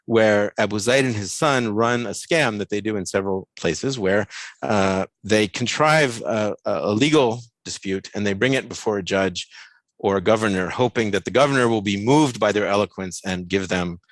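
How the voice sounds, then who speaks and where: An American man giving an academic seminar talk over a video call, relaxed and self-deprecating, with many fillers. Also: on the low side, normal speed, no echo. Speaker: guest lecturer.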